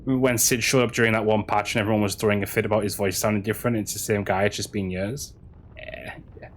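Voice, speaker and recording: A man streaming a game, chatting casually with his audience in a halting way, with frequent restarts. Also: on the low side, steady tone, a little hiss or hum. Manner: halting, chatty, many restarts, answering chat. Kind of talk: casual stream chat while gaming.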